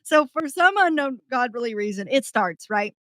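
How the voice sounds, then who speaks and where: A young woman guest tells her story in easy, animated chat, laughing along the way. Her voice sits somewhat high. The sound is dry and close, with little room around it. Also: moderate pace, no echo. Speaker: podcast guest. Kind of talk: casual storytelling.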